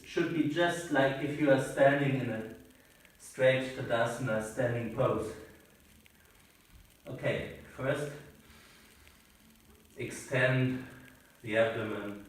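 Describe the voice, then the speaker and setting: Slow, calm man teaching yoga from afar. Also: mid-range voice. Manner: calm, slow guiding instructions. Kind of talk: instructional yoga class. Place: on a sailboat. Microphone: camera mic at a distance. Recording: roomy distant camera audio.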